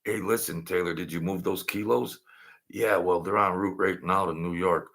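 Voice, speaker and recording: A man doing hushed mob wise-guy banter. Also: sits low, fairly even intonation, normal speed, creaky, voice pushed down. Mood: conspiratorial. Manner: hushed, conspiratorial gangster talk. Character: two women talking like mob wise guys.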